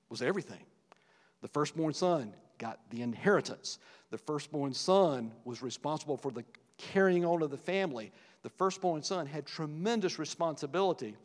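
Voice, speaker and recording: A man delivering a sermon in a relaxed, conversational way, breaking off into asides and restarting his sentences. His voice sits at an ordinary middle pitch and rises in force when he stresses a point. The sound carries a long reverb from the hall around him. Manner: conversational preaching, rising for emphasis, many asides and restarts. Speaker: pastor.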